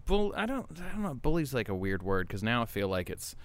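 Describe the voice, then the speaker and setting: A man's voice: mid-range voice, sing-song, a little fast, smooth, no echo. A young man from the American South with a Southern accent, a comedian guest chatting casually on a podcast, rambling and laughing at his own jokes. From Arkansas, US South. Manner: rambling, self-amused, often breaking into laughs.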